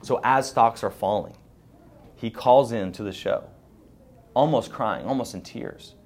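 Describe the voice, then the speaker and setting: A man's voice: mid-range voice, measured pace, pauses often, a little hiss or hum. A man hosting a live question-and-answer podcast, talking emphatically with a preacher-like habit of repeating phrases. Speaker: podcast host. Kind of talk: live Q&A talk. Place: live event in front of an audience.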